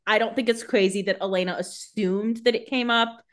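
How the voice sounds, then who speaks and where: A woman's voice: mid-range voice, steady tone, fairly quick, fairly bright tone. A young adult woman co-hosting a podcast, casually joking about a TV episode and quoting characters in a goofy way. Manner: chatty, jokey, quotes characters in a goofy way. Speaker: podcast co-host. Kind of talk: casual TV recap chat.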